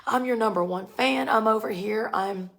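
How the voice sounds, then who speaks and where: A woman's voice: medium pitch, normal speed, creaky, fairly bright tone. A woman in her forties voicing God as a laid-back, encouraging buddy who talks in casual slang.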